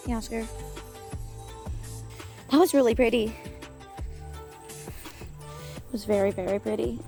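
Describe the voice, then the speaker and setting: A woman narrating a playful doll role-play in an excitable voice, gasping and exclaiming as she goes. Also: fairly high pitch, measured pace, soft background music.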